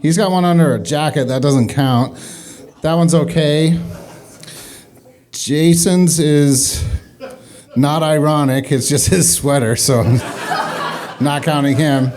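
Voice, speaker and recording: A man's voice: fairly high pitch, fairly even intonation, slow, long pauses, a little mellow. A man hosting a comedy open mic, rambling and self-deprecating as he introduces acts. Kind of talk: casual emcee banter. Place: small venue with audience.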